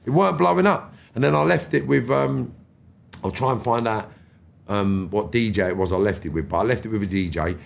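Gravelly middle-aged man telling tales. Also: on the low side, brisk, a little hiss or hum. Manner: animated, acts out dialogue with slangy swearing. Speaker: podcast guest. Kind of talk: casual storytelling interview.

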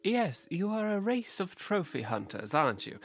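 A podcaster voicing a friendly male Venusian spaceman with a slight put-on accent, speaking slowly and drawn out. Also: mid-range voice, sing-song, faint music behind, voice pushed up. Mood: smug, friendly.

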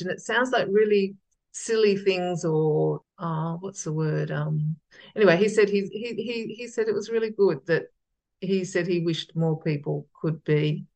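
A woman talks as a guest on a podcast, her voice gravelly and sitting a bit low. She rambles warmly from thought to thought and restarts her sentences as she goes. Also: poor audio. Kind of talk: casual interview chat.

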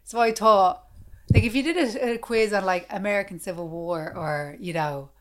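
A woman's voice: mid-range voice, normal speed. A young Irish woman co-hosting a casual podcast chat, joking, swearing freely and trailing off into laughs. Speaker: podcast co-host.

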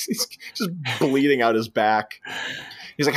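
A man's voice: mid-range voice, big pitch swings, slow pace, pauses often. A man co-hosting a podcast, casually retelling a film's scenes and jumping into quoted voices. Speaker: podcast co-host. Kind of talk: casual movie review chat.

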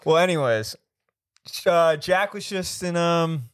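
A man's voice: fairly high pitch, expressive, slow, clean tone, no echo, clean studio sound. A young man hosting a podcast, chatting and joking with friends, laughing often. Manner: laughs often, banters, slips into joke drawl. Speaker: podcast host. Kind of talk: joking casual chat.

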